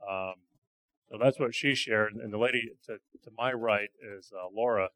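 A man sharing stories from a church mission trip in a halting, earnest way. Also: on the low side, fairly bright tone, poor audio. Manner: halting, repeats words, earnest. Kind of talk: casual testimony talk.

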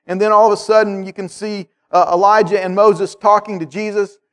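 A man preaching a sermon in a lively, conversational way, often checking in with his listeners. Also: high voice, fairly quick, smooth. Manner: animated, conversational, checks in with "okay?".

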